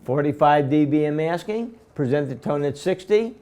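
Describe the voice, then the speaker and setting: A man with a slightly high voice lectures his class. He explains each step methodically and repeats himself for emphasis. He keeps stopping to quiz his students with quick questions. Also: expressive, mellow. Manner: quizzing students with rhetorical questions. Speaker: instructor.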